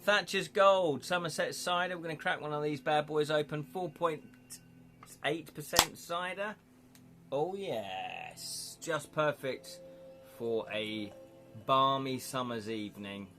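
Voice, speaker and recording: A man's voice: fairly high pitch, takes it slowly, sharp tone, faint music behind. A man chatting casually on a live stream, rambling a little and reading out viewer comments, from the United Kingdom. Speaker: streamer and illustrator.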